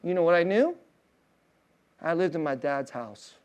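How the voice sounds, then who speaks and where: A male pastor preaching a sermon in a casual, storytelling way, full of fillers and soft laughs, dropping to a hushed tender voice on emotional points. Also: on the high side, animated, measured pace.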